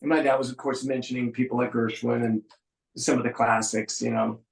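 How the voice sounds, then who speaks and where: A middle-aged man from San Francisco talks through family memories in a relaxed, rambling way with a dry wit. His voice sits at an ordinary middle pitch. The room around him rings with noticeable echo. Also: fairly quick, vocal fry. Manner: relaxed storyteller, dry humor, frequent ums. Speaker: musician guest. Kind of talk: casual interview chat.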